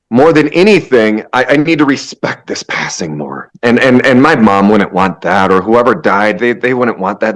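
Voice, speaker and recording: Emphatic shaman man. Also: mid-range voice. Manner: emphatic, preachy, with many restarts. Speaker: shaman guest. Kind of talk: spiritual interview talk.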